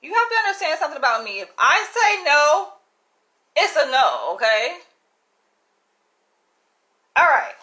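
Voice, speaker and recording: A woman's voice: high-pitched, unhurried, pauses often, rough recording. A woman vlogger ranting bluntly and with exasperation to her audience, swearing as she reads emails aloud. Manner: exasperated, blunt and animated, with profanity. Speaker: YouTuber. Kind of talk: casual vlog rant.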